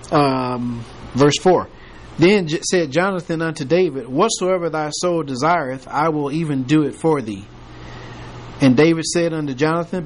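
A man's voice: on the high side, a little hiss or hum. A man leading a casual Bible study, reading scripture aloud and retelling it with playful humor.

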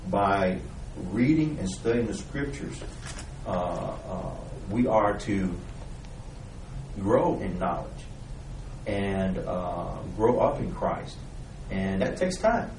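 A man joining an informal Bible study discussion, halting and repeating himself with many "you know"s. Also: low voice, animated, darkish tone, distant mic, slight background noise. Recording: echoey room, voice from across it.

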